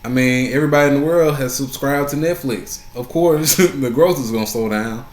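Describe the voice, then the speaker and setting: A stock market vlogger with an ordinary-pitched voice gives a casual recap of his trading day at a moderate pace, easygoing and conversational. He keeps asking "right?" and repeats key phrases for emphasis, in a noticeably echoey room.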